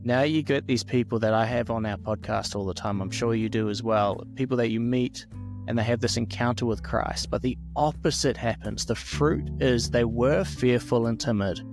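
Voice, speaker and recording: A man with a New Zealand accent, a guest on a podcast, talking in an earnest, measured way. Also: mid-range voice, over music. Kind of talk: casual podcast chat.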